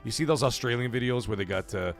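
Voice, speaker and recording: A man's voice: medium pitch, quick pace, soft background music. A man hosting a livestream in casual chat, swearing freely and laughing as he reads chat messages aloud. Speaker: livestream host.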